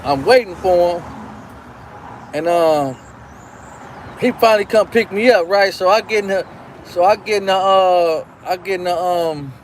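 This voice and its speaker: A man's voice: high-pitched, a little slow, pauses often, slight background noise. A man hosting his own show, telling a rambling, profane personal story in a casual, repetitive way. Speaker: show host.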